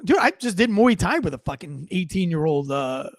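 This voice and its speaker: A fairly high-pitched man in his twenties co-hosts a casual talk show, animated and emphatic as he argues his points and reads viewer comments aloud. The sound is dry and close, with no room around the voice. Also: moderate pace, no echo. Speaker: podcast co-host. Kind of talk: casual opinion chat.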